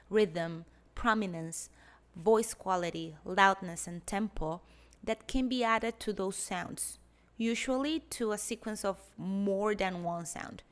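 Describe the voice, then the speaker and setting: Measured woman lecturing. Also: medium pitch. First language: Spanish. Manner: measured, explanatory, demonstrates examples aloud. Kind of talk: academic lecture narration.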